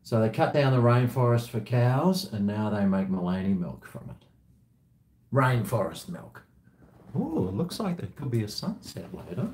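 A man's voice: medium pitch, sing-song, normal speed, a little mellow, slight background noise. A man chatting casually and bluntly on a live stream, swearing freely and rambling between topics. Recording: echoey room.

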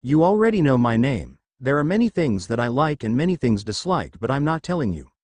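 A man's voice: mid-range voice, very animated, a little fast, a little mellow, dry recording. A man voicing a brooding, curt teenage boy ninja in a read-aloud fan story. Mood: cold.

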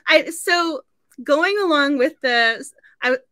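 On a book club stream, a woman chats casually and effusively, laughing often, at a slow pace. Her high voice is bright and sharp, and the sound is close and dry with no room or echo around it.

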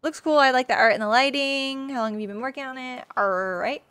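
A woman's voice: sits high, fairly even intonation, quick pace, fairly bright tone, clean tone. A woman streaming and playing her own game, chatting casually, joking at herself and talking to things on screen. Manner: chatty, self-mocking, talks to the game. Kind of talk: casual gameplay livestream. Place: sunny room.

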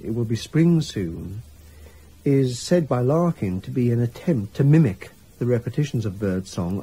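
A university academic explaining in an interview, in a patient lecturing way. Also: male voice, medium pitch, dark tone, slightly rough, rough recording. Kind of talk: interview commentary.

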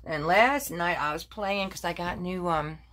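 With a noisy background behind her, an older woman vlogs about her crafting projects in a loose, chatty way, using many fillers and frequent self-corrections. Her voice is on the low side and her pace is measured.

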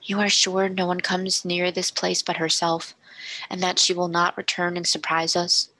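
A woman's voice: fairly low pitch, monotone, moderate pace, sharp tone, no room sound. A woman voicing a cautious young male secretary who whispers anxiously. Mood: nervous whisper.

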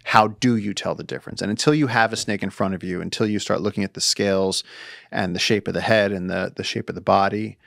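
A low-pitched man tells stories on a podcast, his gravelly voice sitting close and dry on the mic. He acts out the people in his stories with lively energy and swears casually. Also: quick pace, dry recording. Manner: animated storyteller acting out quotes, swears casually. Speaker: podcast guest, wildlife conservationist. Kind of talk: casual storytelling chat.

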